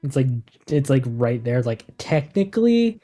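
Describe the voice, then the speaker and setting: A man playing in a tabletop game, talking in a quick, rambling way full of fillers. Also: mid-range voice, sing-song, warm tone, faint music behind. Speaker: player. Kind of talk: casual tabletop game chat.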